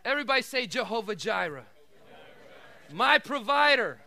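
A middle-aged man preaching a sermon, swinging from quiet asides and laughter to shouted declarations. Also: extremely high pitch, very animated, normal speed. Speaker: pastor.

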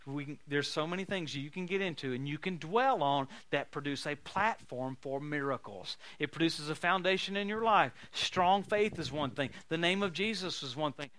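Bright-voiced animated male preacher. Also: a little high, moderate pace, few pauses. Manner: animated, folksy, laughing storytelling. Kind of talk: sermon with storytelling.

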